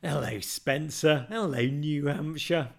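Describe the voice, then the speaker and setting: A man's voice: on the high side, slow, gravelly. A man hosting a football podcast, answering listener questions with dry, self-mocking humour and theatrical flourishes. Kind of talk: wry, theatrical monologue.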